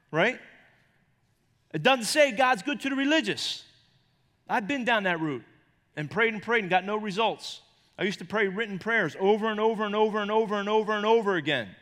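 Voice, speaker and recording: A middle-aged man preaching a sermon as pastor, swinging from loud high emphasis to low quiet storytelling. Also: expressive, normal speed, big-room sound. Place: church.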